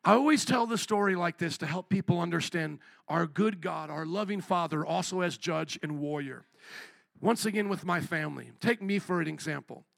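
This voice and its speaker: A man preaching a sermon as pastor, animated and asking the congregation questions. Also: on the high side, moderate pace, gravelly, dry recording. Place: church.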